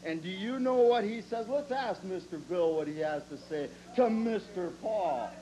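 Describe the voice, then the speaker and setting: A man's voice: high-pitched, expressive, moderate pace, warm tone, low-quality recording. A man cutting a boastful wrestling promo, cocky and mocking, laughing at his own jokes.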